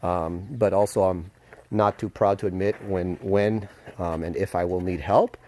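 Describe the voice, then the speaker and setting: A man vlogging casually outdoors at a horse paddock, excited and chatty, with lots of fillers, filmed on a handheld phone. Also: low voice, measured pace. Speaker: vlogger, dog trainer. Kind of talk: casual vlog to camera.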